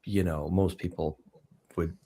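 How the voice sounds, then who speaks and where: A man's voice: low-pitched, steady tone, measured pace, warm tone, breathy edge. A man hosting an interview, asking eager casual questions packed with "like" fillers. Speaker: podcast host.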